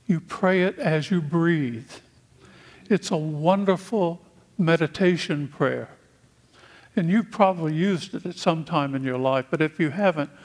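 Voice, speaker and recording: A man from the United States preaching a sermon, speaking in slow, deliberate phrases with long pauses. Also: fairly high pitch.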